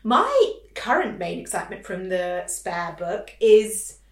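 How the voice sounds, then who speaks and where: Teasing, quick-witted woman in her thirties, podcast co-host; roomy sound, slightly off-mic. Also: medium pitch, very animated, distant mic. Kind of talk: casual chat.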